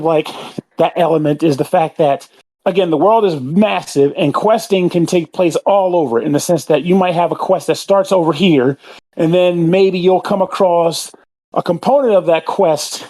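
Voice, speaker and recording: A man with a slightly high-pitched voice co-hosts a casual podcast chat. He rambles on at length, filling his sentences with fillers and restarts, and is aware of how much he is talking. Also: moderate pace, a little mellow. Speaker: podcast co-host.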